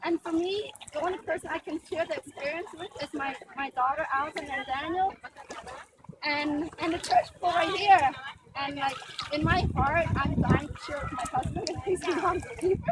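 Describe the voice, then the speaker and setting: A woman's voice: sits high, normal speed. A woman telling her faith story in an earnest, emotional way, full of fillers, recorded outdoors by a river. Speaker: person being baptized giving testimony. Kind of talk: emotional personal testimony. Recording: distant mic with loud outdoor noise.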